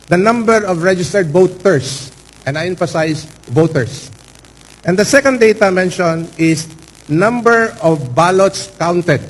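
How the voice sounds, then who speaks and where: A man with a Filipino accent, a lawyer making a formal, measured statement to a hearing board, stressing key words. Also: high-pitched, rough recording. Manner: measured, formal, repeats for emphasis.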